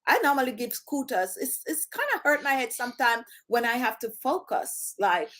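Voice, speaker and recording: A woman's voice: high-pitched, animated, moderate pace, a bit bright. A woman from Jamaica with a Jamaican accent, hosting her beauty channel in casual chat to camera, dropping her H sounds and repeating phrases for emphasis.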